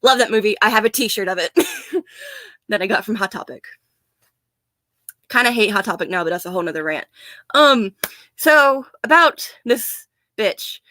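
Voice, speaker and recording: A woman's voice: mid-range voice, sing-song, normal speed, pauses often, pushed and bright, no room sound. An American woman ranting in a casual vlog, blunt, profane and sarcastic, often laughing. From United States. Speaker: vlogger.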